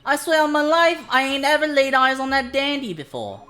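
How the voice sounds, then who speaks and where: A woman voicing a brash young street girl with a put-on Cockney accent, loud and indignant. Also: sits high, lively intonation, fairly quick, soft background music. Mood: defiant.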